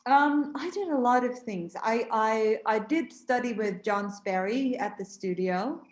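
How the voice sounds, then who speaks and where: A woman's voice: fairly high pitch, a little slow. A woman from Sweden whose first language is Swedish, speaking general American English with a faint Swedish trace, answering an interview with careful, slightly formal pronunciation. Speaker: guest actor. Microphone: video call. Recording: echoey room over a video call.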